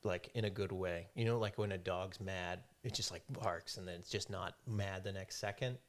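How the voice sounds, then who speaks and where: A man talking as a podcast guest, his stories tumbling out in a lively, rambling way. He laughs easily through his own tales and swears casually. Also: low-pitched, moderate pace. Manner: animated storyteller, laughs often, swears freely.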